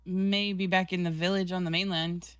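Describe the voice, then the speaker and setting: Tabletop player, in character, soft, hesitant. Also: mid-range voice, level tone, moderate pace, smooth, no echo.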